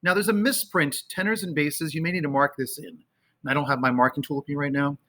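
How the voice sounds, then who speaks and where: A man teaching a choir, talking casually and singing out phrases slowly to show how they go. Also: fairly high pitch, steady tone, sharp tone. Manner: sings and chants phrases slowly to demonstrate; conversational with fillers. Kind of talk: choral rehearsal instruction. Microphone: camera, sometimes moving off it.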